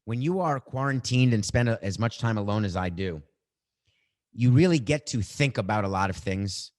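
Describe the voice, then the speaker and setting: A man's voice: on the low side, animated, moderate pace, darkish tone. A middle-aged man hosting a podcast, musing aloud in a reflective monologue. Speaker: podcast host.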